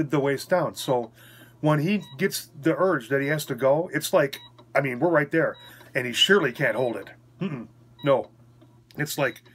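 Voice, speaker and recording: A man's voice: on the high side, fairly bright tone, breathy edge. A man recounting a story in a casual, frank and rambling way, often checking in with his listener, while recovering after a hospital stay. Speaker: vlogger.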